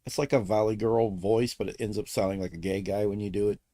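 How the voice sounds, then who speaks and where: A man's voice: lowish voice, steady tone, fast, dark tone, dry recording. A man hosting a casual reaction stream, blunt and wisecracking with plenty of swearing. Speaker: streamer host.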